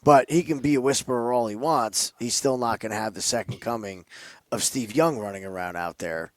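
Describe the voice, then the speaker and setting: A man's voice: medium pitch, brisk, no echo. Emphatic man talking betting picks, dry sound. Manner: emphatic, opinionated, playful asides. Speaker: sports betting podcast co-host. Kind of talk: casual sports betting chat.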